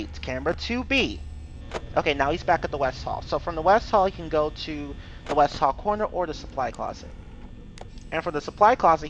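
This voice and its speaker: This gameplay streamer, a young man, talks through how the game works while playing, swearing and venting his frustration whenever it goes badly. He has a fairly high, slightly bright voice. The audio comes from a dull lo-fi mic with faint hiss.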